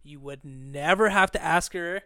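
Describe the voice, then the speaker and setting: A young man on a casual podcast, swearing freely in easygoing banter. His voice sits a little high for a man, and it sounds dry and close with no room echo. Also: unhurried, pushed and bright, clear, resonant tone. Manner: profane, laid-back banter. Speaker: podcast co-host. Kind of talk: casual chat.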